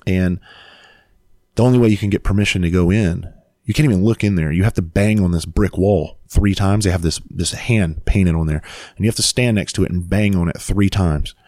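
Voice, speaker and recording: Deep-voiced dude telling a wild story, swears a lot, super dry close sound. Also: male voice, a little fast, no echo. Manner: profane, animated storyteller. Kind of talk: casual storytelling.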